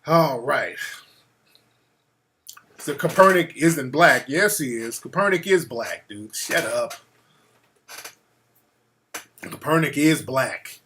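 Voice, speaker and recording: Bright-voiced New radio host, casual and profane. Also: male voice, mid-range voice, lively intonation, takes it slowly, slight background noise. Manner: profane, loose and conversational. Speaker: radio talk show host. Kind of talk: casual call-in talk.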